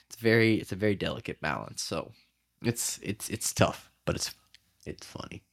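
A man's voice: lowish voice, lively intonation, moderate pace, creaky, a bit bright. A young man co-hosting a podcast, chatting loosely with lots of fillers, restarts and swearing. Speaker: podcast co-host. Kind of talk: casual chat.

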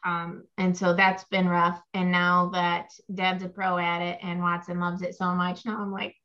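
A woman's voice: on the low side, completely flat delivery, normal speed, bright, forceful tone. A young woman, a mother, talking casually about her babies, rambling with fillers. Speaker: guest mom. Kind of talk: casual chat. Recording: slightly dull lo-fi audio.

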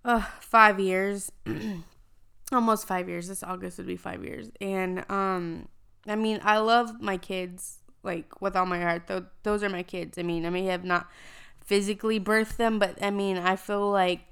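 A woman's voice: medium pitch, steady tone, a little slow, gravelly, fairly bright tone, clear, resonant tone. A woman co-hosting a casual podcast who teases her partner, laughs easily and speaks candidly. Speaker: podcast co-host.

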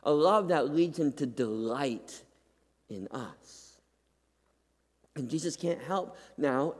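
A man preaching a sermon, swinging from loud, pleading peaks to hushed, near-whispered drops, often checking in with "right?". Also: on the high side. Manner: emphatic, dramatic rises and hushed drops, repeats "right?". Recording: long hall reverb.

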